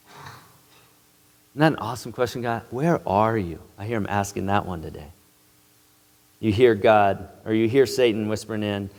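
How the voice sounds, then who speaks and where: A man's voice: lowish voice, normal speed, long pauses, darkish tone, long reverb tail. A male pastor preaching a sermon in an earnest, emphatic way, in a church sanctuary.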